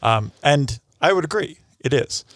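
A man's voice: a little high, expressive, moderate pace, a bit bright, dry recording, studio quality. A man co-hosting a podcast in casual chat, talking in a candid, rambling way. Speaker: podcast co-host.

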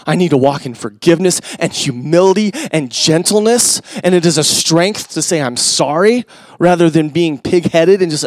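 Male pastor, middle-aged, preaching a sermon, high voice, dry close sound, hushed near-whispers, asides to the congregation. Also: normal speed, no echo. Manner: dynamic preaching, swinging from loud emphasis to hushed near-whispers; conversational with fillers and asides to the congregation.

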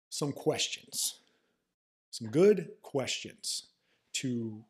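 A man speaks in a mid-pitched, somewhat husky voice, hosting a podcast monologue. He is blunt and profane, with a sarcastic edge. He talks like a manual therapist lecturing his peers.

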